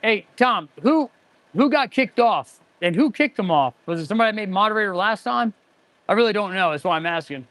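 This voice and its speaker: High-voiced chatty mechanic, dry sound. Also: male voice, lively intonation, fairly quick, a bit bright, no echo. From United States. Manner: rambling, reads and answers viewer chat. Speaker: auto mechanic hosting a livestream. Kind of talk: casual livestream chat.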